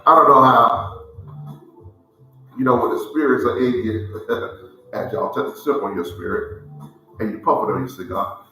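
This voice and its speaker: A man's voice: medium pitch, measured pace, long pauses, pushed and bright, soft background music. A man hosting a cigar show, talking in a casual heartfelt way and rambling, often repeating himself as he restarts his thoughts. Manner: rambling, repeats "let me say it like this here". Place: large indoor room in a historic building. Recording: very echoey room.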